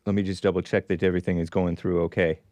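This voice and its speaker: A man's voice: low-pitched, level tone, racing, darkish tone, no room sound. A man hosting a casual live show, reading chat messages aloud with a wry, laughing manner. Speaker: show host.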